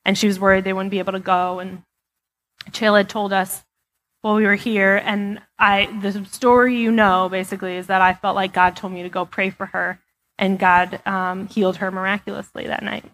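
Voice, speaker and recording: In a church sanctuary with long hall reverb, a woman gives a personal testimony, candid, chatty, and full of fillers. Her mid-range voice is level and fairly bright, at a moderate pace.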